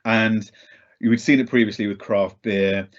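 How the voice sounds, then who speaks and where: A man's voice: on the low side, fairly even intonation, normal speed. A man giving a casual, chatty talk as a guest speaker over a video call, self-deprecating and full of ums. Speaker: guest speaker for a cider brand. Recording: dull lo-fi video call audio.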